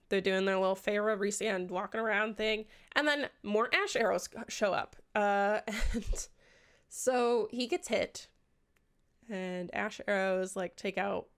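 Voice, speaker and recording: A woman's voice: medium pitch, vocal fry, clean tone. A young woman recapping a book in casual chat, sarcastic and swearing often, playing out the characters' lines herself. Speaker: book reviewer.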